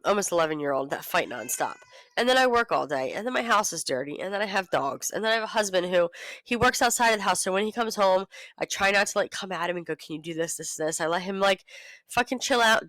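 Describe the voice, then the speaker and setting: A woman in her thirties rants animatedly as a podcast co-host, peppering every story with profanity. Her voice sits at an ordinary pitch and is recorded dry and close, with no room sound around it. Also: a bit bright, no room sound, rough recording. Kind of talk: casual chat.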